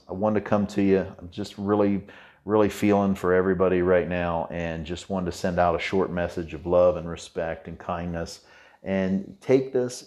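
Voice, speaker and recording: A man's voice: low-pitched, a little mellow. A man hosting a podcast, talking straight to listeners in an earnest, encouraging motivational monologue, casual and repetitive, with some mild swearing. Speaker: podcast host.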